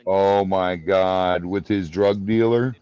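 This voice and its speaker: A man's voice: sits low, steady tone, slow pace, dark tone, clean tone, muffled recording. A man co-hosting a live stream, joking and exclaiming in casual chat.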